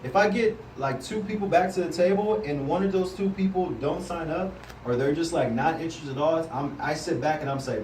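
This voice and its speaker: Energetic man coaching a group, far-off mic. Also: fairly high pitch, fairly quick, slight background noise. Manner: energetic, coaching, often asks the group "right?". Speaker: sales team trainer. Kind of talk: live training talk to a group. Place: indoor room with a group. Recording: roomy sound from a distance, faint background.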